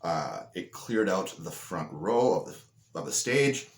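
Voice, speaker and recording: A man's voice: deep voice, animated, takes it slowly. A man hosting a podcast and telling stories in a crude, joking, self-deprecating way. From Moorhead, Minnesota, US. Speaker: podcast host. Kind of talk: casual chat and storytelling. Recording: echoey room.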